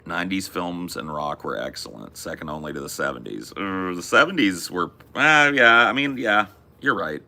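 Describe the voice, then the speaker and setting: A man's voice: sits low, expressive, moderate pace, creaky, bright, forceful tone. A man from California, chatting casually and profanely, laughing often. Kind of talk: casual chat with chat.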